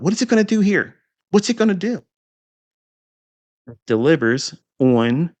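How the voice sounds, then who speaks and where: A man giving a recorded trading lecture over price charts, emphatic and repetitive, with rhetorical questions and scornful asides. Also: medium pitch. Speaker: trading educator.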